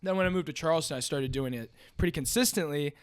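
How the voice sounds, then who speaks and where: A man's voice: a little high, fast talker, clear, resonant tone. A young man from Virginia, a comedian guest in loose podcast chat, peppering his talk with "like" and "dude".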